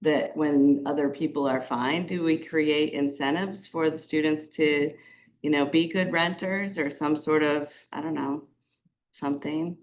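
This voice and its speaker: A woman's voice: sits low, steady tone, unhurried, slight background noise. A woman from the university side at a town committee meeting, casual and a little joking, often trailing off.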